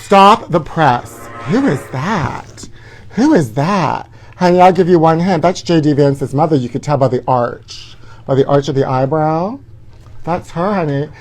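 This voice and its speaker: A man's voice: a little high, moderate pace, dark tone, faint music behind. A man hosting a live gossip show from his parents' house, talking in a sassy, campy way and calling everyone honey.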